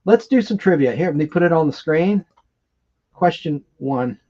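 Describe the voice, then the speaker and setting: A man hosting a live stream in a rambling, excitable manner, chatting casually and reading viewer comments aloud between trivia questions. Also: a little high, moderate pace, muffled recording. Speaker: livestream host.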